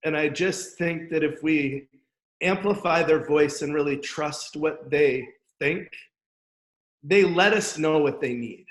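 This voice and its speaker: A man's voice: on the high side, slow, echoey room, rough recording. A man guest on an education podcast, talking candidly and from the heart, with lots of "like, you know". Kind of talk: casual conversation.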